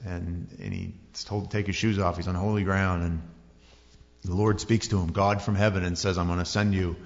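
A male pastor gives a sermon as relaxed, joking storytelling, full of slang. His voice has a long hall reverb, and the recording sounds dull and lo-fi. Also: low-pitched, normal speed, gravelly. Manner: casual, jokey storytelling with slang.

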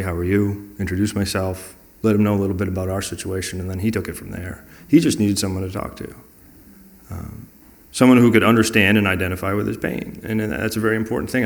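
Deep gravelly man telling earnest stories. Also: steady tone, fairly quick. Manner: earnest and reflective, acting out quoted dialogue. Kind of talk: personal storytelling in a conversational talk.

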